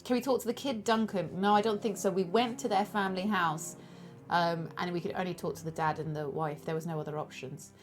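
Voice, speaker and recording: A woman's voice: on the low side, steady tone, brisk, faint music behind. A woman streaming a detective board game, chatting casually, thinking aloud and thanking viewers as she plays. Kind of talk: casual chat while playing a board game.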